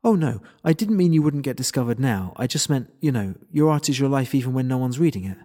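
A man voicing a young woman who speaks in a cool, deadpan way and teases her friend. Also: mid-range voice, fast, natural voice. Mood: teasing.

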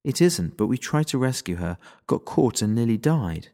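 A man's voice: medium pitch, very animated, moderate pace, gravelly, warm tone. A man voicing a grim young woman fighter who speaks bluntly and formally. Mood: stern. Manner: formal and blunt, without contractions.

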